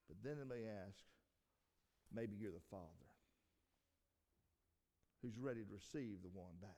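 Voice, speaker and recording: A man's voice: expressive, measured pace, long pauses. Male preacher with hall reverb. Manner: rising to emphatic peaks, trailing off low, frequent restarts. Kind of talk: sermon.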